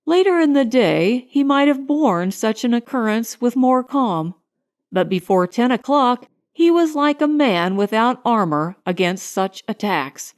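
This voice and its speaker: A woman narrating a light romantic comedy audiobook in an expressive, unhurried storytelling manner. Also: on the high side.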